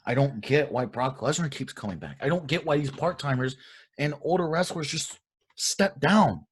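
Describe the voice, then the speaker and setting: A man's voice: fairly high pitch, expressive, moderate pace, slightly rough. A young man co-hosting a casual talk show, ranting with heat and plenty of swearing. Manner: heated, profane ranting. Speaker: podcast co-host.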